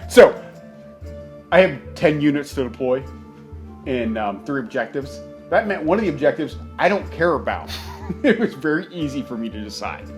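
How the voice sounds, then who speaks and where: A man's voice: mid-range voice, sing-song, normal speed, faint music behind. A man co-hosting a casual tabletop game video in a basement, joking and boisterous. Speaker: co-host.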